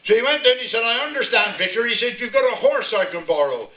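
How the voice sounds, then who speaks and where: A man's voice: very high voice, sing-song, fast talker. An older man with a broad West Country accent, telling a humorous rural story with chuckles to a live audience. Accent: West Country English. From Devon, England. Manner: broad rural yarn-spinning, chuckling as he tells it. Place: village hall, live audience. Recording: echoey hall, distant mic, dull sound.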